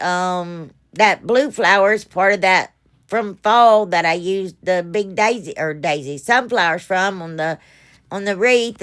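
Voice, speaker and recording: Her voice is medium in pitch with a fairly bright tone. A middle-aged craft channel host from the United States, she gives a casual voice-over of her craft project, chatty and rambling, self-deprecating and full of fillers.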